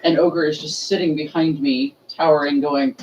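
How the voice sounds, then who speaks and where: A woman's voice: deep voice, normal speed. A woman leading a remembrance ritual, telling stories casually and acting out the voices of the people in them. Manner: animated, acts out quoted voices, laughs often. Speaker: ritual leader and storyteller. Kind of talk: casual storytelling. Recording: dull distant audio with faint noise.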